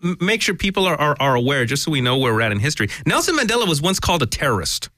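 Fast, lively, bright-voiced man. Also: fairly high pitch, no echo, studio quality. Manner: quick, lively interjections, laughs and teases. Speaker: podcast co-host. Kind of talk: casual chat.

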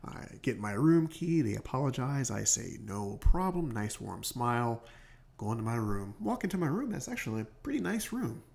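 Gravelly man telling a rambling story. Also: mid-range voice, sing-song, moderate pace, a little mellow. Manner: rambling, self-correcting storyteller. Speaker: podcast host. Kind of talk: casual late-night monologue. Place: hotel room. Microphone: home podcast microphone.

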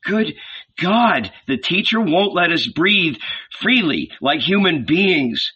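A man's voice: a little high, a little slow, pushed and bright, recorded from a distance, exaggerated voice. A man reading a novel aloud, voicing an easygoing, tipsy male fisherman disciple who grumbles and banters heartily. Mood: grumbling. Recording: dull lo-fi recording.

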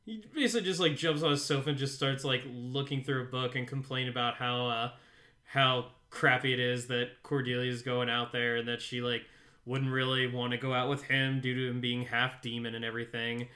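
A podcast co-host recaps an episode in casual, rambling chat, full of fillers and frequent laughter. His medium-pitched voice has fairly even intonation and a bright, forceful tone, and he speaks briskly.

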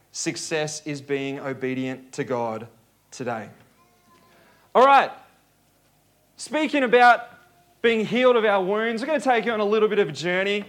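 Chatty pastor guy preaching, fairly high voice, jokes around with the crowd. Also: a bit bright. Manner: conversational, joking with the congregation. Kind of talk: sermon.

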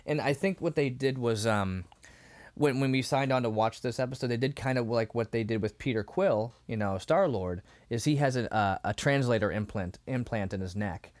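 A man co-hosting a podcast in casual chat, animated and quick to laugh, sometimes acting out scenes with loud outbursts. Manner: wide pitch swings. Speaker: podcast co-host.

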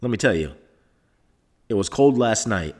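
Expressive and a little mellow, a man's lowish voice keeps a moderate pace through his solo podcast monologue. As host he rambles sarcastically with swearing, recording on a laptop mic in a soundproofed room.

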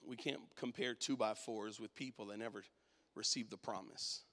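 A man preaching a sermon and telling a personal story, his voice swinging from quiet to loud. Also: on the low side, steady tone, moderate pace, in a large hall.

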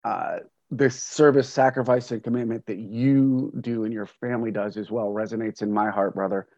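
A man, a grandfather, hosting a casual interview, speaking earnestly and haltingly with many fillers and restarts. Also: lowish voice, steady tone, darkish tone, dry recording. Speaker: podcast host. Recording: dull, dry lo-fi sound.

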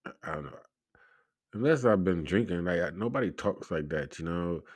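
Laughing, rambling man with low voice. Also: expressive, normal speed, dry recording, studio quality. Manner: laughs often through his own story; loose, rambling delivery full of fillers and profanity. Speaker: podcast host. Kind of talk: casual storytelling monologue.

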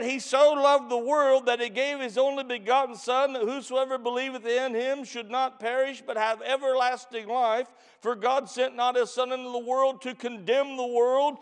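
A man preaching a camp meeting sermon as pastor. He stretches and shouts key lines to the church, then drops into quick, quiet storytelling. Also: extremely high pitch, big-room sound. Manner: preaches with loud drawn-out emphasis, calls out to the church.

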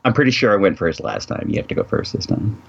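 A man co-hosting a podcast in casual chat, animated and joking, rambling through bits. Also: fairly low pitch, quick pace, gravelly, husky, dull audio. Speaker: podcast co-host.

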